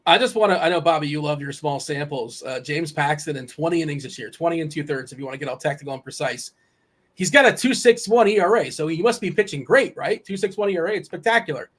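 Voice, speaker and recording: A man's voice: on the high side, animated, quick pace. A man hosting a casual sports betting chat, teasing his co-hosts and rattling off team lineups. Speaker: host.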